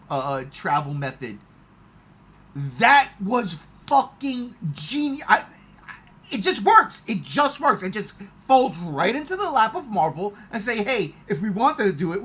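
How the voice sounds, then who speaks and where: A man chatting casually in a movie review, excitable and swearing often. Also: high voice, breathy edge. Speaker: podcast host.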